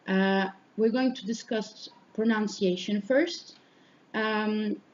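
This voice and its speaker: A young woman delivers a student oral presentation at a mid-range pitch. She explains her points one by one and fills her pauses as she goes. The recording is dull and lo-fi, with a faint hiss of noise behind her. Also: a little mellow. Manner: explanatory, pausing with fillers.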